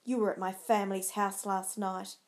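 A woman's voice: mid-range voice, little pitch movement, moderate pace, natural voice. A woman voicing a harsh, sneering young swordsman who picks a fight, in a storybook reading. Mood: menacing. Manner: sneering and jeering.

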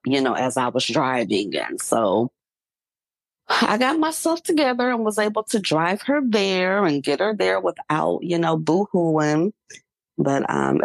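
A woman's voice: lowish voice, creaky, no echo. A middle-aged woman co-hosting a podcast, telling a personal story in casual chat with fillers and laughs. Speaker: podcast co-host.

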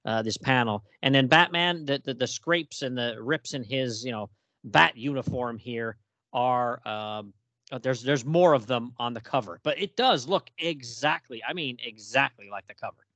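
A man co-hosting a casual comic book podcast, animated and exasperated, reading panel dialogue aloud in character. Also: medium pitch, normal speed, dry recording. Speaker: podcast co-host.

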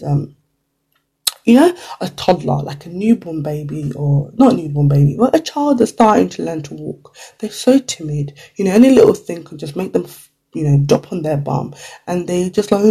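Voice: medium pitch, vocal fry, warm tone, slightly rough. A vlogger talking casually to camera with lots of "like" and "you know", now and then acting out short quotes. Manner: chatty, full of "like" and "you know", acts out little quotes. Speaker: vlogger giving career advice.

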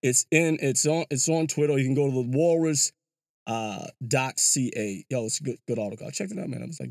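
A man's voice: mid-range voice, brisk, no echo, clean studio sound. A man hosting his own podcast, talking casually and loosely, full of "yo" and restarts, from a small enclosed booth. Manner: loose and rambling, peppered with "yo" and restarts. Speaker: podcast host. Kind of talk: casual solo commentary. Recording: clear background music.

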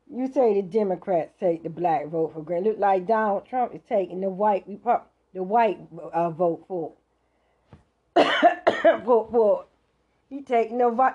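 Blunt, profane woman talking slowly over a speech clip, cutting in to push back. Her voice comes through a dull, lo-fi phone recording. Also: mid-range voice, slightly rough. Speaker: podcast host reacting to a speech. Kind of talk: casual reaction commentary. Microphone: phone voice message. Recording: dull lo-fi voice message audio.

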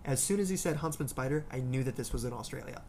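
A man co-hosting a podcast, reading stories aloud and chatting in a loose, jokey, animated way with a lot of laughing. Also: medium pitch, fast talker, slight background noise. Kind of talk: casual chat and story reading.

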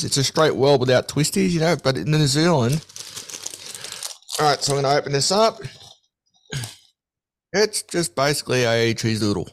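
A man's voice: medium pitch, expressive, normal speed, pauses often. A man in casual chat, tasting snacks with friends and laughing often. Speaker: snack taster.

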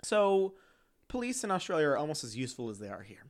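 A man co-hosting a chatty true-crime podcast, his voice sitting a little high and swinging up and down in pitch as he reads. He breaks off from the case notes for joking asides and laughs often. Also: wildly swooping pitch, fast. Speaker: podcast co-host.

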